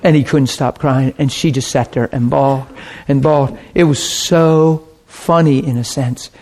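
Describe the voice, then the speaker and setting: Animated storytelling preacher, a man. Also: mid-range voice, a little slow. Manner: animated, shifts into hushed tones. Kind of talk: storytelling sermon.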